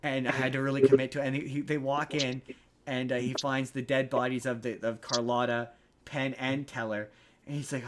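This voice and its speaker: A man's voice: mid-range voice, a little fast, crowd noise. A man co-hosting a podcast in casual chat, eagerly retelling a movie with many restarts and acted-out quotes. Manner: animated retelling, acts out quotes, stammers and restarts. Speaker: podcast co-host.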